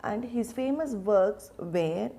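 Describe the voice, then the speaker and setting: A woman's voice: mid-range voice, animated, creaky, mellow. A woman teaching a literature lesson, asking questions and answering them herself, often repeating words and restarting phrases. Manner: slow, repeats names and restarts phrases while explaining.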